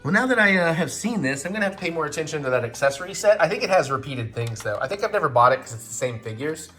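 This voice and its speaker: A man hosting a home vlog, joking and thinking out loud while he puts a toy together. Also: fairly high pitch, expressive, fast talker, faint music behind. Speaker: vlog host. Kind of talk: casual chat while assembling a toy set.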